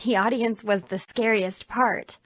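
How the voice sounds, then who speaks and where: A woman's voice: medium pitch, steady tone, a little slow, dry recording, lightly acted. A woman voicing a wry teenage girl with a dry, joking way of talking. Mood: teasing.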